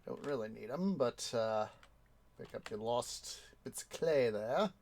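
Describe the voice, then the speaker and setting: Young male gamer host, slow drawl, casual rambling commentary. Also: mid-range voice, expressive, vocal fry, darkish tone, slight background noise. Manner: rambling, hesitant, many fillers. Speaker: gaming channel host.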